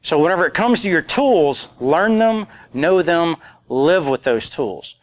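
A man in his forties gives a conference talk in a loose, chatty way and drops in quotes from old movies. His voice sits a bit high for a man. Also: animated, unhurried. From rural area. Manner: casual, joking, quotes movie lines. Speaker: conference speaker. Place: conference room.

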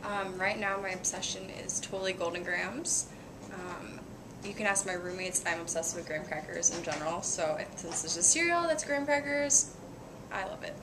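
A woman's voice: on the low side, moderate pace, noisy background. Giggly young woman telling a story. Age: young adult. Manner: giggly, animated, lots of fillers. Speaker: college soccer goalkeeper, interview guest. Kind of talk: casual storytelling in an interview.

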